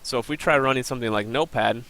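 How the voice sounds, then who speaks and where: Gravelly young man explaining step by step. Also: mid-range voice, very fast, fairly bright tone, poor audio. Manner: plain explanatory, walks through steps with um and uh. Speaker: student presenter. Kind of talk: recorded class presentation with screen demo.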